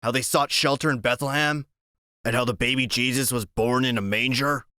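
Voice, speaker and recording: A man's voice: mid-range voice, fairly even intonation, moderate pace, clear, resonant tone, dry recording, studio quality, close to an everyday voice. A man doing a menacing ex-con father. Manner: quiet, menacing, commanding. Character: menacing ex-convict father, cold and controlling.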